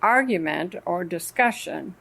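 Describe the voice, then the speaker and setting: A woman's voice: on the low side, animated, measured pace, gravelly, fairly bright tone. A woman co-hosting a Christian radio talk about marriage, chatting and telling stories from her own marriage. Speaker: co-host teaching a Christian marriage class. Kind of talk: casual radio discussion.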